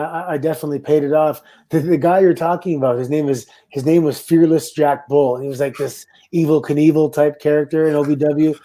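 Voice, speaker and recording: A middle-aged man from Canada, a former wrestler, telling stories in a relaxed, casual interview. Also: fairly high pitch. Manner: relaxed anecdotal storytelling with laughs and quoted voices. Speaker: guest, former pro wrestler.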